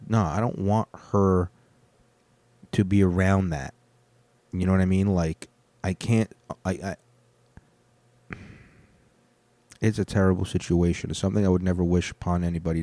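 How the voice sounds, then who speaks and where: Profane man with a deep dark voice. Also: no echo. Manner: profane, blunt, swings from somber to excited. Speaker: video reaction streamer. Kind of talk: casual reaction commentary.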